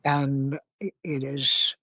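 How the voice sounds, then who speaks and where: A man speaking as a therapist guest on an interview podcast, animated and acting out heated scenarios with blunt language. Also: medium pitch, slow pace, no echo. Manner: animated, acts out angry scenarios with profanity. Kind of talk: conversational interview.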